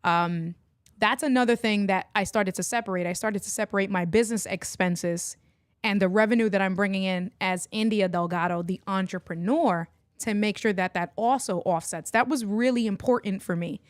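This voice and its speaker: A woman's voice: medium pitch, moderate pace, no room sound, studio quality. A middle-aged woman hosting a casual livestream, chatting and laughing with her viewers as she goes. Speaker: livestream host and online entrepreneur.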